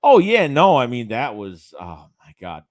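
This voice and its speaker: A man's voice: mid-range voice, huge pitch swings, unhurried, a little mellow. Ranting man hosting a sports stream. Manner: ranting, reads viewer chats aloud. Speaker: livestream host. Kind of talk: casual late-night sports chat.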